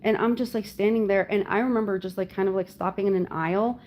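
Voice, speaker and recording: A young woman chats casually with her viewers in a warm, mellow voice that sits at a middle pitch. She tells a long personal story in a loose, rambling way, leaning on "like" and "you know" as she goes. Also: steady tone, fast, slight background noise. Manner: rambling storytelling full of "like" fillers. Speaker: livestream host talking with viewers. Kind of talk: casual chat.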